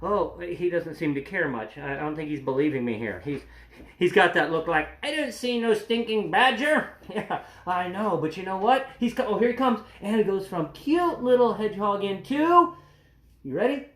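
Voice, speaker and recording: A man's voice: high-pitched, lively intonation, moderate pace, a bit bright. A man hosting an educational animal show, chatting playfully and cracking jokes as he handles the animals. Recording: roomy echo.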